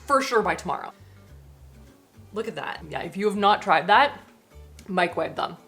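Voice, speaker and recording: A woman filming a casual cooking vlog, chatty and excitable, talking straight to the camera. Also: medium pitch, normal speed, soft background music. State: out of breath. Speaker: cooking vlogger.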